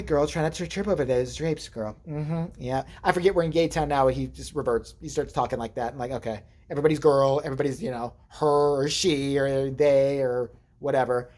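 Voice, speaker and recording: A woman's voice: low-pitched, mellow. A woman vlogger telling a rambling, profane story in casual chat, acting out the people she quotes.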